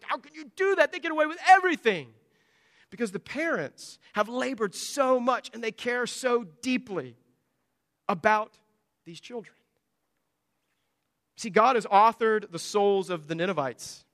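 Guy preaching, pretty high bright voice, animated, does little voices. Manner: animated, acts out voices of children and God. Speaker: pastor. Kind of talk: sermon.

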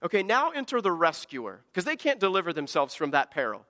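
A man preaching a sermon as a pastor, animated and swinging between loud emphatic peaks and quiet asides. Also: high-pitched, brisk. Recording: long hall reverb.

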